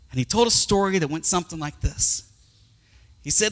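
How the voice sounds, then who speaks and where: High-voiced preacher in a big hall. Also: male voice, lively intonation, normal speed, pushed and bright. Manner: emotive storytelling, dynamic. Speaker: pastor. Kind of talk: sermon. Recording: long hall reverb.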